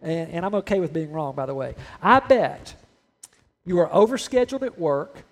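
A pastor preaches in a high, light voice. He talks to the congregation directly, checks in with them, and slips into imagined voices to make his point. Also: animated, normal speed. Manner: conversational, asks the congregation questions, acts out imagined voices. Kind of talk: sermon.

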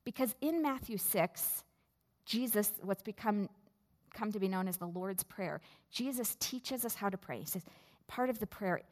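A woman pastor preaching a sermon in a slow, measured way with deliberate pauses. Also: mid-range voice, animated, a little mellow. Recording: long reverb of a large hall.

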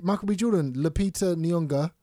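A man's voice: fairly quick, no echo, clean studio sound. A young man, co-hosting a podcast in casual chat, teasing and telling stories with a playful edge. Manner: playful storyteller, teasing, jumps in pitch when excited. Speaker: podcast co-host.

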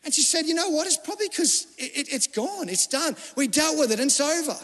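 A man's voice: very high-pitched, expressive, a little fast, a bit bright. A middle-aged man, a pastor preaching a sermon in a conversational, storytelling way, acting out the people he quotes. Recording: long hall reverb.

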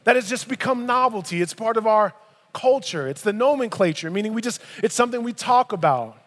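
The long reverb of a big hall surrounds this pastor, a man in his thirties preaching in a church sanctuary. His voice is high, expressive, fairly quick and fairly bright, and he moves between reading scripture and casual, emphatic asides.

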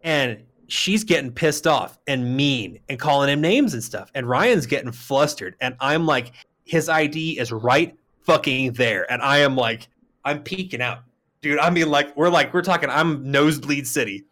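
A man from Arizona co-hosting a podcast, telling a story in casual chat with a profane, heated delivery that jumps to shouting. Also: mid-range voice, moderate pace. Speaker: podcast co-host.

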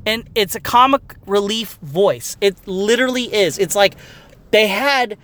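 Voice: medium pitch, measured pace, fairly bright tone. A gamer rambling through a casual, profane review rant, restarting sentences and swearing often. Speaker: game reviewer.

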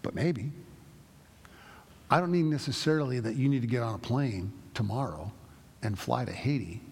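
A male pastor preaches in a loose, conversational manner, halting often and restarting his thoughts. His mid-range voice is gravelly and a bit husky, and a long echo suggests a large church hall.

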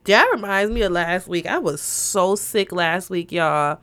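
A young woman co-hosting a casual podcast, telling a story with animated, laughing delivery. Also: on the low side, unhurried, background noise. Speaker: podcast co-host. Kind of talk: casual chat.

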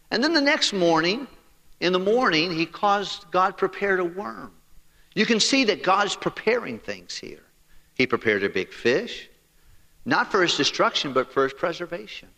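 A man's voice: high-pitched, normal speed, vocal fry, in a large hall. A man preaching a storytelling sermon, folksy and joking, acting out the story's dialogue. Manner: animated, acts out the dialogue of the story.

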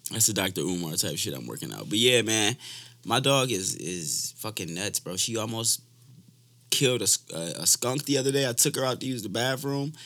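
A man's voice: fairly low pitch, animated, a little fast, fairly bright tone. Slangy man telling loose stories. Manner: loose slangy storytelling, swears freely. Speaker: podcast host and rapper. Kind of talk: casual chat.

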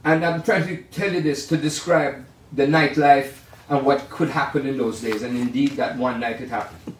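An older man, a jazz pianist, telling rambling, animated stories in a casual way. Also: medium pitch, normal speed, a little hiss or hum. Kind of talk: casual storytelling. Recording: roomy sound from far off.

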